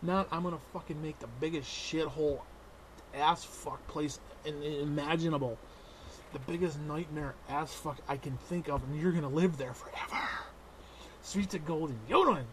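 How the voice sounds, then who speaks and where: A man vlogging a profane, sarcastic comedic rant that swings between shouting and hushed whispers. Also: on the high side, normal speed, a little hiss or hum.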